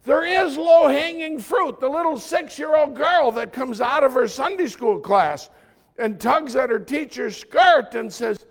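A male pastor preaching a sermon in a conversational, storytelling way, swinging from loud emphatic lines to hushed soft ones. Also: very high-pitched, lively intonation, unhurried.

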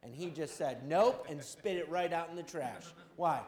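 A middle-aged man preaching a sermon, swinging from loud exhortation to quiet storytelling. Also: a little high, normal speed, echoey room. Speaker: pastor.

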